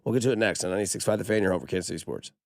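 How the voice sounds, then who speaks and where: A man's voice: sits low, very fast, creaky, no room sound, clean studio sound. A man co-hosting a sports radio show in an easygoing, casual way, laughing often. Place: radio studio.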